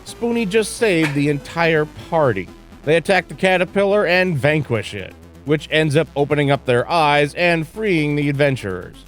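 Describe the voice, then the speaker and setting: A man narrating a scripted tribute video in a measured, even reading. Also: fairly high pitch, soft background music.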